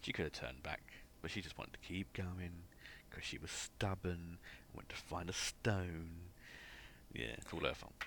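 A very deep, gravelly man chatting about horror films with friends. He talks in a wry, blunt, teasing way, with a faint hiss of noise under his voice. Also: unhurried, fairly bright tone. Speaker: podcast co-host. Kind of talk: casual film review chat.

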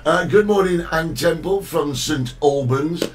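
A man's voice: on the high side, unhurried, distant mic, music in the background, poor audio. A man hosting a casual talk show, chatting and reading out viewer greetings. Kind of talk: casual chat.

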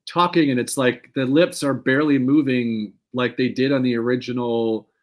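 A man co-hosting a fan podcast, talking in an animated, rambling way and swearing freely. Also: mid-range voice, normal speed. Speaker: podcast co-host. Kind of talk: casual fan chat.

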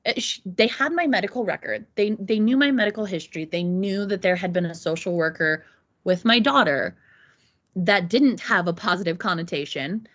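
A woman's voice: mid-range voice, lively intonation, normal speed, a bit bright, lo-fi sound. A woman in her thirties, a podcast guest, speaking candidly and reflectively about hard personal experiences, often restarting her sentences. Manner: earnest and reflective, with frequent restarts. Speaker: podcast guest, Navy mother.

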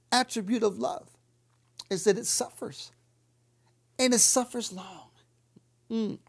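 A woman preaching a sermon, fervent, repeating words and dropping to soft whispers on key lines. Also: fairly high pitch, vocal fry.

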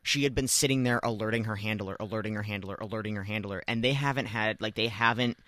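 A man's voice: fairly low pitch, fast. A man hosting a casual podcast, telling a long rambling story with lots of restarts and asides. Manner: animated, rambling with many restarts.

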